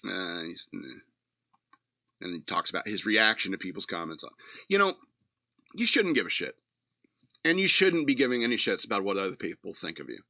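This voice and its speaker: A male talk radio host reads news items aloud and breaks off into blunt, profane commentary. His manner is sardonic, and he chuckles at his own jokes. His voice is forceful and bright, recorded dry and close. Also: low-pitched, wildly swooping pitch, normal speed, vocal fry, long pauses, no room sound.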